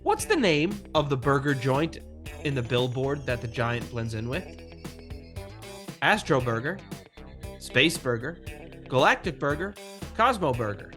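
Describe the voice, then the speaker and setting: A man's voice: mid-range voice, very animated, measured pace, pauses often, over music. A man co-hosting a podcast in casual chat, playful and cracking goofy jokes. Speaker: podcast co-host.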